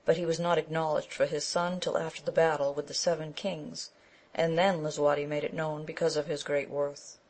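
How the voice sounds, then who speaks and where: A woman narrating an audiobook of an old romance in a steady, measured reading. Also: low-pitched, rough recording. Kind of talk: scripted narration.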